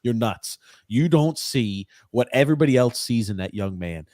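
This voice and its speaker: Animated, teasing man on a podcast. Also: medium pitch, moderate pace, no room sound, clean studio sound. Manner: animated, swings from loud excited jabs to mumbling while reading; profane and teasing. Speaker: podcast co-host. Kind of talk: casual sports podcast chat.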